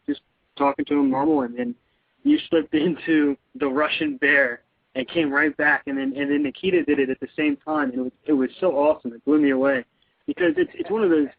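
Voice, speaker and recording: A man hosting a radio interview who talks in an effusive, halting way, with many restarts. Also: a little high, creaky, no echo. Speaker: radio show host. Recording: dry, tinny phone-like sound.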